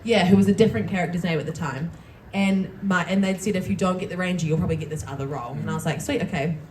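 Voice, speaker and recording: A woman from New Zealand telling a soft-spoken, laughing story as a convention panel guest. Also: fairly low pitch, fast, slight background noise. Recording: distant mic with crowd.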